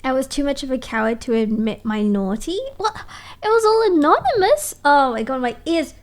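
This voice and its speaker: A woman's voice: on the high side, fairly quick. A woman streamer chatting casually and playfully, reading out viewer messages and teasing back at a desk mic.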